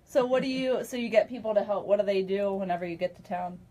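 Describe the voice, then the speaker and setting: Husky-voiced cheerful woman co-host. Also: mid-range voice, quick pace, warm tone. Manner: cheerful, curious, gushing about the animals. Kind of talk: casual radio studio interview. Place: radio studio.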